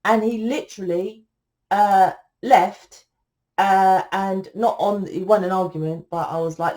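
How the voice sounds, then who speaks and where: A woman's voice: lowish voice, unhurried, a little mellow. A woman giving a casual tarot reading to camera, blunt and tired, swearing freely and acting out what people say. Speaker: tarot reader.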